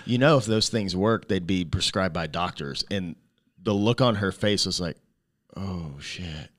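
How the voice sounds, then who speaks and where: A man's voice: sits low, normal speed, no room sound, studio quality. A man co-hosting a podcast interview, casual and profane, laughing often and hyping up his guest. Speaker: podcast co-host.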